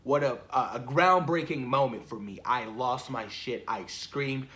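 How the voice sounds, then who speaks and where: A man talking casually and excitedly about a film he loved, swearing often and repeating himself as he gets carried away. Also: medium pitch, a little slow. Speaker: movie reviewer. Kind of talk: casual spoiler talk.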